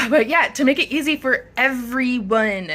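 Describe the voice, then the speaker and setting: Bright-voiced chatty young woman. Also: high voice, unhurried. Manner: chatty, upbeat, frank. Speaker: model and vlogger. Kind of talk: casual advice vlog. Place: bedroom at home.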